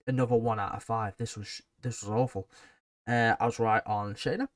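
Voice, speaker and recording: A man's voice: lowish voice, fairly even intonation, brisk, no room sound. A man giving a blunt, sarcastic and rambling casual recap of a wrestling show.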